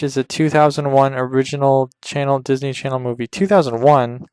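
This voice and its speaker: A man hosting a podcast, rambling crudely and deadpan through an improvised comedy monologue over a game. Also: mid-range voice, moderate pace, hardly any pauses, smooth, dry recording, clean studio sound. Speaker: podcast host.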